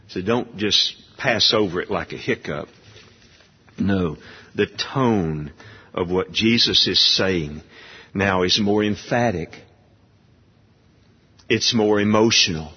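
A man preaching a sermon in a church, slow and emphatic, lifting his voice high on key words. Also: slightly rough. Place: church sanctuary. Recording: dull long-reverb church hall sound.

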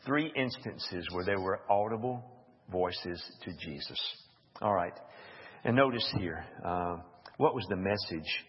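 A man's voice: sits low, slight background noise. A man leading an informal Bible study, musing aloud and reading passages with off-the-cuff asides. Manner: slow, musing, reads scripture aloud with asides. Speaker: Bible teacher. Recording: dull lo-fi recording with long hall reverb.

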